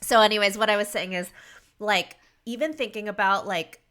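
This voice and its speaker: Chatty thirties woman guest, bright smooth tone, emotional and laughing. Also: medium pitch, moderate pace. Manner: emotional, laughs often while talking; chatty with many fillers. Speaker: podcast guest. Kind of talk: casual conversation.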